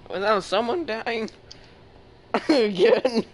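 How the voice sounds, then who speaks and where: A man's voice: high-pitched, animated, drawn-out words, poor audio. A man hosting a casual gaming chat, teasing his friend and laughing constantly. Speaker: channel host.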